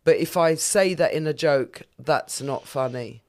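A woman's voice: deep voice, measured pace, a little mellow. A woman comedian talking candidly as a guest in a podcast interview, with a frank, earthy sense of humour.

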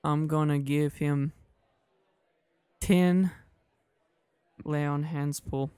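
A man playing a paladin in a tabletop game, speaking in an even, plain way. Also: on the high side, very slow, smooth, no echo. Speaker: player voicing the paladin Sir Vance. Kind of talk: tabletop role-play.

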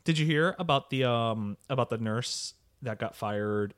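A man co-hosting a casual podcast, telling stories in an animated way and dropping Spanish words. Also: medium pitch, a little slow, clean tone. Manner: animated, lively storytelling with Spanish interjections. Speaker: podcast co-host. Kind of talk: casual chat.

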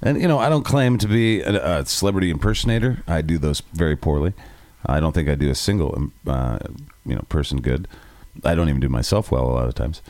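A man's voice: very deep voice, animated, fast, darkish tone, no room sound. A man hosting a casual podcast chat, joking around with crude humor and poking fun at himself. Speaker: podcast host.

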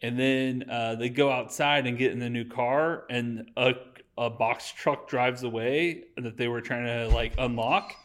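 A man in the middle of a loose podcast chat, walking through a movie's plot. He rambles and drops into quick put-on lines for the characters. His pitch sits in an ordinary male middle range. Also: steady tone, a bit bright. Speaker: podcast host. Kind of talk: casual chat, recapping a movie.

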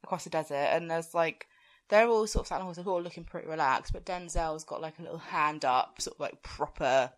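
A woman's voice: low-pitched, a little fast. A woman co-hosting a podcast, recapping a film in casual, giggly chat and swearing freely. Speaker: podcast co-host.

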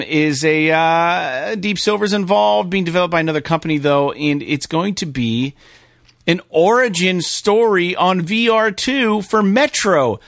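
A man co-hosting a gaming podcast, talking casually and excitedly, swearing often and rambling. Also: fairly high pitch, no echo, clean studio sound. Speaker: podcast co-host.

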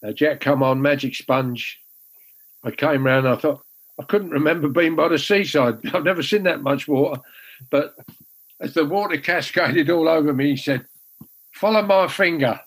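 A man's voice: fairly high pitch, fairly even intonation, moderate pace, breathy edge, poor audio. An older man, a former goalkeeper telling rambling, self-deprecating stories with many restarts. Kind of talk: casual anecdote telling.

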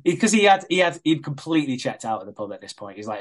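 A man on a podcast, recapping a soap episode with lively, sweary enthusiasm. He jumps into quoted lines and talks in a loose, chatty way. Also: medium pitch, fast, hardly any pauses. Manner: animated retelling, swears a lot, laughs often. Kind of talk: casual sweary chat.

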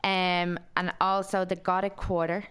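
Girl chatting on a podcast, smooth clear voice, bit low, gushing about trips. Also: little pitch movement, a little slow, a bit bright. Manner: chatty, enthusiastic recommending. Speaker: podcast co-host. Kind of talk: casual chat.

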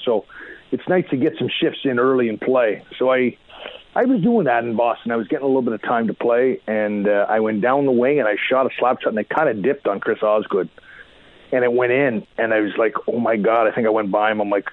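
A man calling into a radio show as a guest and telling animated stories about his hockey career, often acting out what he and others said. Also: mid-range voice, fast, no echo. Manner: animated, quotes himself often. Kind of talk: casual storytelling. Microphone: phone call. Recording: tinny dry phone line.

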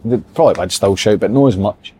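Dry-humoured Scottish former player. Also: male voice, fairly low pitch, quick pace, dark tone, husky. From Scotland. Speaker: former footballer, pundit. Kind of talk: casual football chat.

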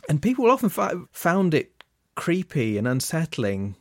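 A man's voice: on the high side, wildly swooping pitch, measured pace, dry recording, clean studio sound. A man in his forties, a podcast co-host, chatting casually and correcting himself as he goes. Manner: rambling, self-correcting storytelling. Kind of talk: casual chat.

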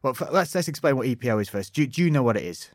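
A man's voice: medium pitch, lively intonation, very fast, a little mellow, no room sound, clean studio sound. A man co-hosting a sports podcast, joking and explaining in a chatty, teasing way. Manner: joking, explanatory, says "mate" often. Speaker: podcast co-host. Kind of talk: casual sports podcast chat.

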